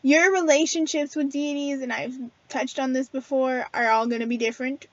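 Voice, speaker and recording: A woman with a high, light voice talks casually and earnestly to her viewers, with plenty of ums and restarts. The sound is dry and a little dull, with no room echo. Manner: chatty and earnest, many fillers and restarts. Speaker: spiritual video host. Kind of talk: casual spiritual talk to camera.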